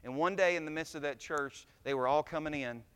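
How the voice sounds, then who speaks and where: A man preaching a sermon to his church, telling stories and building to loud, impassioned climaxes. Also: a little high, fairly quick, clear, resonant tone, in a large hall. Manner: preaching, swells to shouts at climaxes. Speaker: pastor. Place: church sanctuary.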